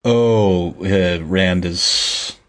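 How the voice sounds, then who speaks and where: A man's voice: low-pitched, drawn-out words, a bit bright. A man casually recapping book chapters on a podcast, rambling and correcting himself as he goes. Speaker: podcast co-host.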